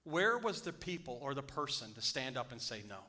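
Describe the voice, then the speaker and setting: A man preaching a sermon as pastor, reading scripture aloud and then preaching on it, dropping to a hush and rising loud again, repeating key phrases for emphasis. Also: medium pitch, sing-song, normal speed.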